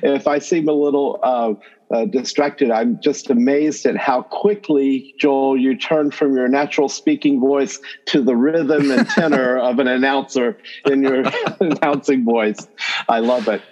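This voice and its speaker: A middle-aged man with a gentle North Carolina accent talks through his path into teaching as an interview guest. He is relaxed and quick to chuckle, with a voice of ordinary pitch. The recording sounds slightly dull and muffled. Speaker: guest, math education professor. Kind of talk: conversational interview.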